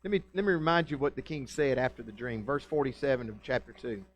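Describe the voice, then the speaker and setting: A man's voice: mid-range voice, quick pace, dull audio. A male pastor preaching a conversational, folksy sermon in a church and often putting questions to the congregation. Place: church sanctuary.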